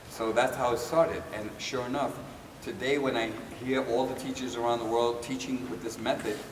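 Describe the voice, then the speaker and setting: An older man tells a story to an audience, lively and laughing, acting out the voices of the people he quotes. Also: medium pitch. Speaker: dance teacher telling a story. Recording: echoey hall from far off with noise.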